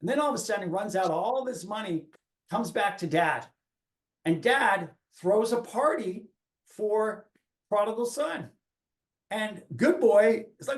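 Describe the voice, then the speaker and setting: A man's voice: sits high, animated, a little slow. A man in his forties, a coach talking earnestly in a reflective podcast, often restarting his phrases as he thinks aloud. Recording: roomy echo.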